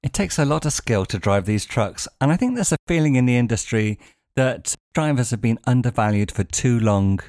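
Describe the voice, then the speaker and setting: A man's voice: medium pitch, animated, moderate pace, darkish tone, no echo, studio quality. A man telling wry stories in a monologue, now and then chuckling dryly. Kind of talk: anecdotal monologue.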